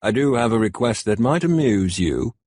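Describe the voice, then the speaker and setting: A cold, mocking warrior captor with a low, husky voice who drags each word out slowly, as a male narrator plays him. His tone is dry and close, with a quiet menace under the calm. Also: no room sound. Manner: slow, deliberate, mocking.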